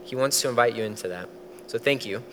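A man's voice: medium pitch, quick pace, a bit bright, slight background noise. A man preaching a sermon as pastor, talking casually and animatedly, acting out voices when he quotes. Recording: long hall reverb.

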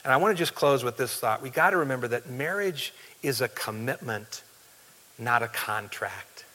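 A man's voice: medium pitch, animated, normal speed, pushed and bright. A male pastor preaching a sermon in an earnest, plain-spoken way, asking the congregation direct questions. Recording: long hall reverb.

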